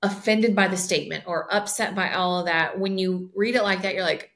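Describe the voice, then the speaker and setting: A woman's voice: on the low side, steady tone, brisk, gravelly, hardly any pauses. A woman co-hosting a casual faith conversation, often affirming and agreeing with her co-host. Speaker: podcast co-host.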